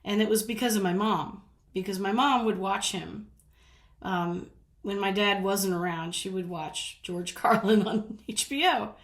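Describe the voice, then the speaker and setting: Southern-raised woman vlogger, mid-pitched, chatty and giggly, with a roomy echo around her. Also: unhurried. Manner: chatty, rambling, laughs often. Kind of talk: casual storytelling.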